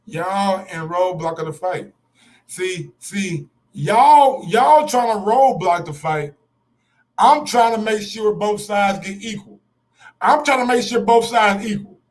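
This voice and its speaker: A man hosting a sports show, ranting in a heated, profane live-stream style, repeating his points for emphasis. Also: high voice.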